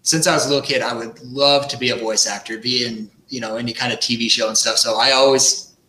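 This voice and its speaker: A man's voice: mid-range voice, steady tone, fast talker, pushed and bright. A man who runs tabletop games, chatting upbeat and a little sheepish as a podcast guest. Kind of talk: casual chat. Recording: echoey room.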